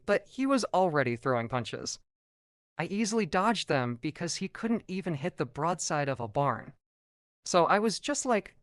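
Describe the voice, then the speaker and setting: A man's voice: fairly high pitch, animated, moderate pace, fairly bright tone, no echo, clean studio sound. A man casually narrating a first-person story from his school days in a conversational tone.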